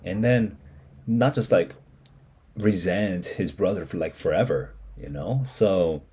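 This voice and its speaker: A man's voice: sits low, slow, mellow, breathy edge. A man reading a short story aloud and explaining it as he goes, thinking aloud with many fillers and restarts. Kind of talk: live reading reaction.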